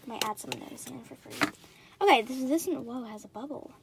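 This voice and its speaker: A young woman casually chatting while unboxing and trying slimes, sometimes squealing and sometimes dropping to a soft near-whisper. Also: high-pitched, lively intonation, fairly quick, vocal fry, a crowd in the background. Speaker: slime reviewer. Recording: loud background noise.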